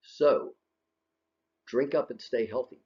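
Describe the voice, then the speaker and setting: A man teaching a recorded lesson, voice at an average pitch. He talks in a casual, conversational way, posing questions and then answering them himself. The audio is muffled and lo-fi. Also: slow, mellow. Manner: conversational, asks and answers his own questions, frequent "right?". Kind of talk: recorded classroom lecture over slides. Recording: dull lo-fi audio.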